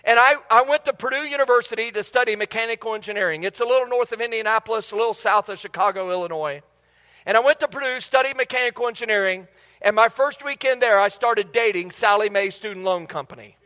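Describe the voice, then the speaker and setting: A man's voice: high voice, fast, sharp tone. A middle-aged man preaching a sermon, telling humorous family stories and quizzing his congregation. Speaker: pastor. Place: church sanctuary. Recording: long reverb of a large hall.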